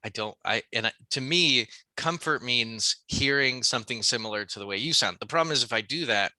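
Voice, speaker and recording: A man's voice: mid-range voice, fairly quick, pushed and bright, no echo. A man co-hosting a podcast in casual joking chat, rambling and laughing, slipping into put-on accents. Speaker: podcast co-host.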